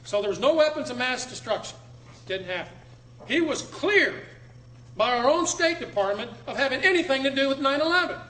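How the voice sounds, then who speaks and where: Addressing a live audience in a room, a man delivers an emphatic public talk, repeating words and swinging between loud and low. His delivery is expressive and fairly quick.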